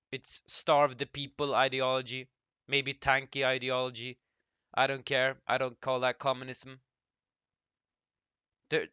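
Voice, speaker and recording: Guy doing a reaction vid, bright sharp voice, shoots stuff down bluntly, dry close sound. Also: mid-range voice, smooth, no room sound, muffled recording. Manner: blunt, dismissive, interrupts with rebuttals. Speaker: YouTube commentator reacting to a clip. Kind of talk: casual reaction commentary.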